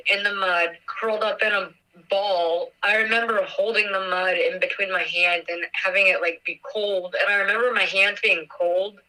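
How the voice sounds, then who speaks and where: A young woman telling a personal story in an interview, emotional and halting with many fillers. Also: medium pitch, pushed and bright, distant mic, low-quality recording. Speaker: guest, victim's daughter.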